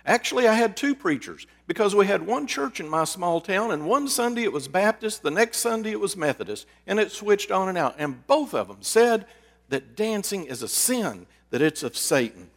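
A man's voice: sits high, big pitch swings, normal speed, voice pushed up, full character voice. A man voicing a screaming, scolding woman in her fifties during a sermon. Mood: indignant. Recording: long reverb of a large hall.

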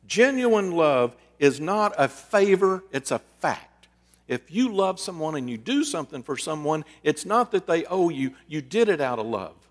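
A man with a somewhat high voice preaches a sermon in a church sanctuary. He pauses for effect and asks rhetorical questions before answering them. A long reverb trails behind every phrase. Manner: preaching with dramatic pauses and acted-out quotes. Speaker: pastor.

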